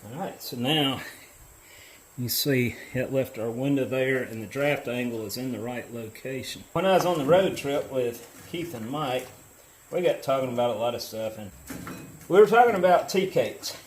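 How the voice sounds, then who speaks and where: A middle-aged metal casting hobbyist hosts from his foundry workshop, his medium-pitched voice animated at a moderate pace. He's easygoing and chatty, explaining his work as he goes and drifting into stories, in a casual how-to narration. The audio is poor, with slight background noise.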